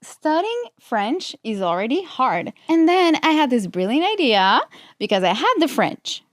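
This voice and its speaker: A Brazilian woman whose first language is Portuguese chats casually with a friend on a podcast. Her voice sits a little high and sounds lively and animated. She laughs often, and the recording is dry and close. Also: a little slow, no room sound. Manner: animated, laughs often, says "girl" a lot. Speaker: podcast co-host. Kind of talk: casual chat.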